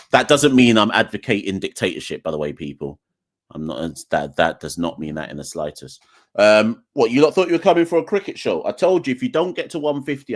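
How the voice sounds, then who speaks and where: Male podcast host, young adult, lively ranting delivery. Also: on the low side. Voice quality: animated, defiant, joking ranting. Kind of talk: live call-in show chat.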